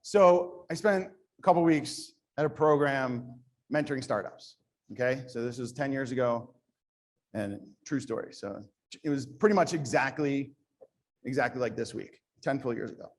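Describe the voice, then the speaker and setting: A man's voice: medium pitch, normal speed. A man speaking to a live audience at a startup event in a conversational, self-deprecating way, with frequent restarts. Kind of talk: live conference talk.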